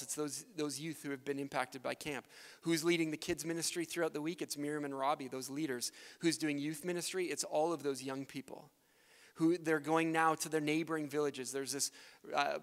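In a church sanctuary, a Canadian-raised man speaks earnestly as a missionary, delivering a sermon and prayer that build to emphatic peaks. His voice is fairly high and slightly bright, and the recording carries the long reverb of a large hall.

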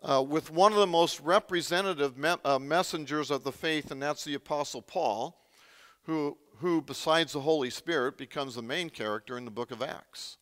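A man's voice: fairly high pitch, normal speed, fairly bright tone, big-room sound. A man preaching a sermon in a conversational way, often quizzing the congregation with questions. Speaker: pastor.

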